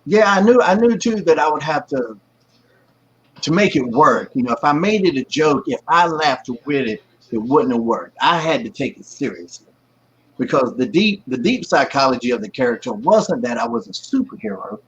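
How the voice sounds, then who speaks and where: A man's voice: fairly high pitch, normal speed. A man in his forties telling stories as an interview guest, acting out the people he quotes, talking on a video call from home. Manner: lively storyteller who acts out quotes. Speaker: guest, pro wrestler. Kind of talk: casual anecdote in an interview. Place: at home, kids and pet nearby. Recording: slightly muffled, husky lo-fi audio.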